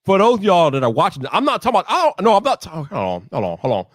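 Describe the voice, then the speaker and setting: Man, live stream host, casual chat, animated, repetitive, lively pitch, dry close sound. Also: quick pace, no room sound. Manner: animated, repeats himself, rants loudly when annoyed.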